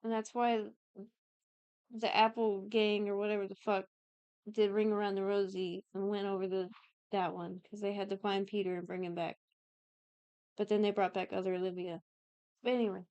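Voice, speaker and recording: A woman's voice: medium pitch, level tone, darkish tone, clear, resonant tone, dry recording, lo-fi sound. A young woman podcast co-host casually recapping a TV series, rambling and swearing, often acting out characters' lines. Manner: rambling, profane, quotes characters in quick asides. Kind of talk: casual chat.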